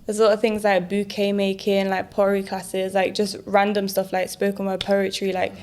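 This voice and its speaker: A woman's voice: medium pitch, monotone, normal speed, a little mellow. Chatty young woman. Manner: chatty, rambling with "like". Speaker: podcast co-host. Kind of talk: casual chat.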